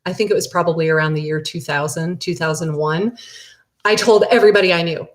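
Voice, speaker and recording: A middle-aged woman, a real estate agent, teaching a casual live class and answering viewer questions in a chatty, animated way. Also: fast talker. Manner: chatty and animated, with big excited jumps in pitch.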